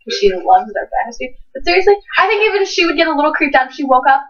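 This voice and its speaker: A woman's voice: high voice, very fast. A sixteen-year-old girl telling a story in casual chat, swearing freely and acting out what people said. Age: teens. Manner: swears freely, animated retelling with voiced quotes. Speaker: co-host. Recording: distant, dull lo-fi home mic.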